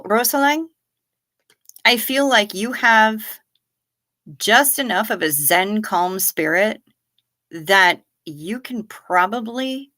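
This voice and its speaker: Bright-voiced, profane livestream host woman. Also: mid-range voice. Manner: profane, sarcastic, chatty. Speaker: livestream host answering chat. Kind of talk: casual chat.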